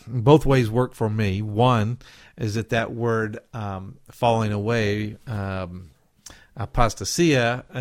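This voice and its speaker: Low-voiced Southern preacher. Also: male voice, dry recording, studio quality. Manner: meandering, circles back to restate passages. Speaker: Bible prophecy podcast host answering listener questions. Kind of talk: unscripted Bible teaching Q&A.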